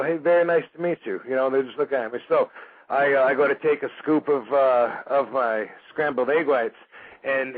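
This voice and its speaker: A man hosting a radio show, telling a story casually with lots of fillers and acting out the voices of the people in it. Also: medium pitch. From Michigan, USA. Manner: animated, acts out quoted voices, frequent fillers. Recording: phone-like narrow band radio audio.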